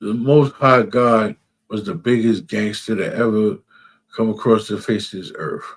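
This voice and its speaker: Husky low-voiced man preaching emphatically. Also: fairly even intonation, unhurried. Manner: emphatic, repeats phrases, asks "you understand?"; reads out scripture verses. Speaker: religious class teacher. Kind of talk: preaching to a class.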